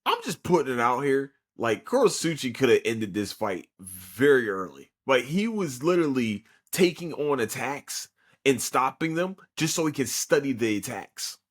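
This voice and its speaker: A young man hosting a podcast, casually recapping an anime episode in an excitable, profane way with lots of fillers. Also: mid-range voice, normal speed. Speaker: podcast host.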